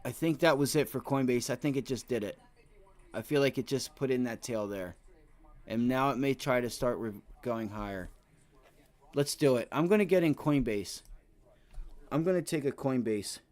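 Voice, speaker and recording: A man's voice: mid-range voice, moderate pace, a little mellow. A man in his thirties hosting a live day-trading stream, talking to himself and his viewers about the chart, swearing now and then. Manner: talks to himself and the chart, swears, frustrated at times. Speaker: day trading livestream host. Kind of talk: casual live trading commentary.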